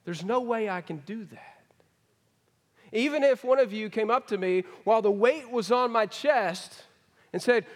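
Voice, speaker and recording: A middle-aged man preaching a folksy sermon, swinging from emphatic to hushed. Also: sits high, measured pace. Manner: folksy, rising to emphatic then dropping to hushed. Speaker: pastor. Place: large church hall. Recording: long hall reverb. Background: congregation.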